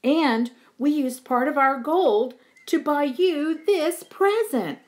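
A woman's voice: high voice, slow pace, voice pushed up. A woman playing an eager, earnest young boy. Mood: excited. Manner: earnest, excited. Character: eager young boy, devoted pet owner.

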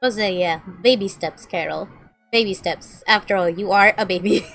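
A woman's voice: mid-range voice, moderate pace, a bit bright, faint music behind. A woman in her late twenties giving goofy, rambling commentary while playing a game. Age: late 20s. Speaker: gamer.

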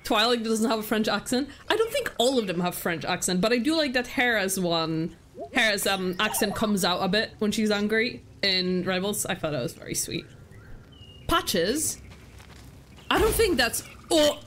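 A woman's voice: mid-range voice, animated, moderate pace, fairly bright tone, slight background noise. A young woman streaming a video game, chatting casually, giggling and breaking off her own sentences. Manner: chatty, giggly, self-interrupting. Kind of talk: casual gameplay commentary.

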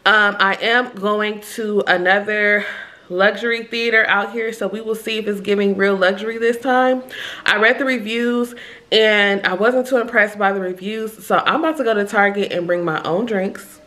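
A woman vlogger chatting casually to her viewers, upbeat and fast-talking, with slangy phrasing. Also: medium pitch, fairly even intonation, sharp tone. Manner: upbeat, chatty, uses slang like "giving vibes". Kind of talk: casual vlog chat to camera.

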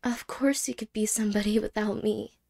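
A woman voicing an apologetic young ex-girlfriend in a whispered role-play, speaking haltingly and softly and slipping into whispers. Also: mid-range voice, fairly even intonation, creaky. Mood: tender. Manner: halting, hesitant, soft-spoken with whispered words.

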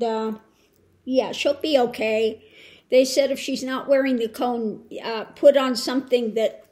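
Woman host, unhurried, slightly high voice, rambling and soft, coos to pets at home. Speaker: spiritual tarot channel host. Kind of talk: casual home update.

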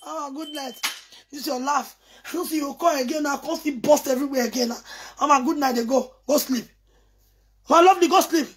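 A woman with a Nigerian accent, rambling excitedly in a casual video message, mixing pidgin and English. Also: high-pitched, brisk, slight background noise. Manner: mixes pidgin, English and local languages, excited and teasing.

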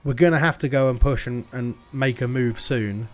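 Male gaming host, excitable play-by-play, swears and shouts at the screen. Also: medium pitch, normal speed. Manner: excitable, swears and yells at the game. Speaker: gaming YouTuber. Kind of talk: game commentary.

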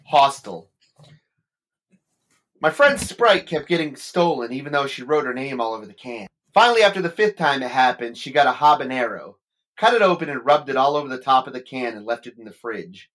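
A man's voice: medium pitch, lively intonation, brisk, a bit bright. A man co-hosting a casual podcast, reading a short office anecdote aloud. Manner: reads a short anecdote aloud, then teases others. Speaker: podcast co-host.

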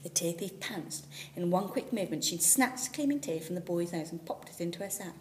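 A woman teacher reading a children's storybook aloud, expressive and at times dropping to a whisper. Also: fairly low pitch, a little fast. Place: school classroom. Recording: echoey room, far from the mic, faint hum.

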